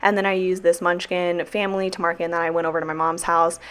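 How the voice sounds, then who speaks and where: A woman's voice: fairly low pitch, completely flat delivery, quick pace, a bit bright, smooth. A young woman talking casually through her weekly planner, rambling, swearing freely and joking apologies as she goes. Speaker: planner vlogger and teacher. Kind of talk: casual chat while sticker planning.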